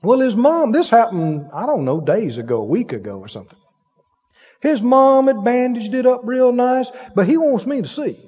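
Animated high-pitched preacher man. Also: normal speed, slightly rough. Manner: animated storytelling with laughs and acted-out quotes. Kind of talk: sermon. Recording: dull sound with long hall reverb.

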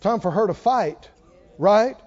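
A man preaching a sermon, swinging between hushed warnings and hollered lines and acting out a tempter's whisper. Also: high voice, lively intonation, a little slow, dull audio.

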